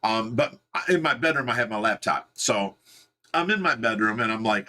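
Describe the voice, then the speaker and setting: A man with a Midwestern American accent co-hosts a fish rescue livestream from home, chatting casually in a mid-range voice that is animated, bright, and forceful at a normal pace. He rambles, restarts his sentences, and laughs at himself as he talks indoors.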